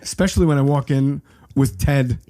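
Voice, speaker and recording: A man telling jokes in a stand-up bit with deadpan punchlines. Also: mid-range voice, moderate pace.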